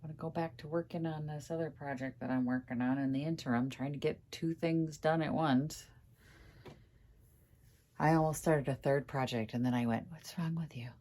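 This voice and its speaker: A middle-aged woman with a low, deep-set voice talks straight to the camera in an easygoing vlog. She chats through each step of a furniture project at home and mutters to herself when things go badly. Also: fairly even intonation, normal speed, dark tone. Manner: chatty, talks to camera while working, mutters when frustrated. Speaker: furniture flipper vlogger. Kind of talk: casual workshop vlog. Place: home workroom indoors.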